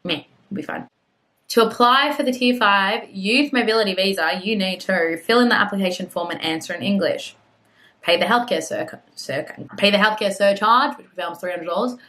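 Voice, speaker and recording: Young Australian woman, casual vlogger, mid-range pitch, chatty, self-deprecating, prone to mumbled asides. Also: fairly quick, fairly bright tone, rough recording. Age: young adult. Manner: chatty and self-mocking, easily sidetracked, mutters asides. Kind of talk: casual vlog, reading a visa website aloud.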